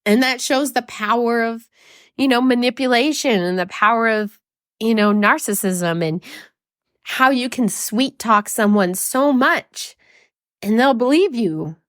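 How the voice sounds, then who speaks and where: A woman's voice: on the high side, unhurried, fairly bright tone, no echo, studio quality. A woman hosting a podcast, talking in a raw, emotional and blunt way with swearing, tearful as she speaks. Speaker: podcast host. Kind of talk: confessional podcast monologue.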